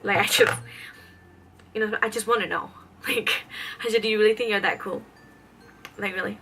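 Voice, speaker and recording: A young woman talks through her makeup routine in a loose, rambling way, full of little fillers. Her voice is bright and forward, at an ordinary pitch for a woman. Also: fairly even intonation, normal speed, a little hiss or hum, rough recording. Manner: chatty, rambling, lots of "like". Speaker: beauty vlogger. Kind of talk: casual makeup tutorial chat.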